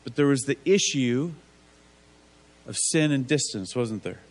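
A man's voice: mid-range voice, expressive, measured pace. A man preaching a conversational sermon, asking rhetorical tag questions and acting out biblical figures in casual voices.

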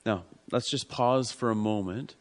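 A man preaching a sermon in an earnest way, repeating key lines and dropping to a soft hush. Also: fairly low pitch, measured pace.

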